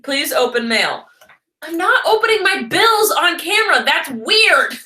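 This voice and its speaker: Lively chatty woman live-streaming. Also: very high-pitched, a little slow. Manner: rambling, chatty, laughs often. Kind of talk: casual livestream chat answering comments. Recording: roomy echo.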